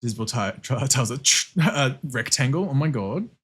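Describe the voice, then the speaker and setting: A male streamer chats casually as he plays, his husky voice bright and edged, pitch bouncing all over. He gets excitable fast, laughs often and swears freely. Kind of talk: casual livestream chat while gaming.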